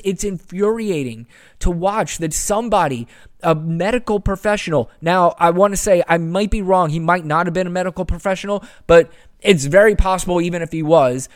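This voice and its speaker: A man's voice: high-pitched, dry recording, studio quality. Exasperated ranting male podcast host. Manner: ranting, exasperated, swears freely. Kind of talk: casual opinion monologue.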